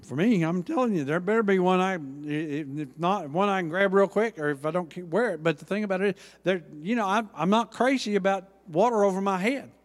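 A man preaching a sermon, acting out Bible dialogue with lively emphasis. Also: high-pitched, a little fast, few pauses, big-room sound. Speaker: pastor.

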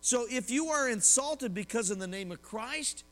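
A high-pitched, bright-toned pastor preaching a lively sermon. He tells personal stories and puts questions to his listeners. His voice carries a long reverb, as if in a large church sanctuary. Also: normal speed. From Oklahoma, US.

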